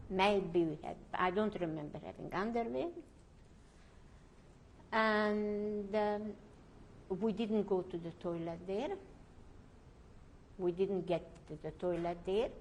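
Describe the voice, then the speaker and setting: Older woman, English, slow deliberate testimony, halting, hunts for words. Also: medium pitch, a little hiss or hum. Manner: slow, searching for words, pauses and restarts. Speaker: Holocaust survivor interviewee. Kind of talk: oral history testimony.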